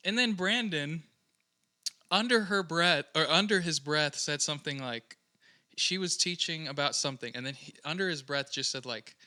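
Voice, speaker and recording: A man's voice: on the high side, normal speed, bright, forceful tone. A young man hosting a podcast, chatting casually and rambling through stories with lots of fillers and restarts. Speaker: podcast host. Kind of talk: casual chat.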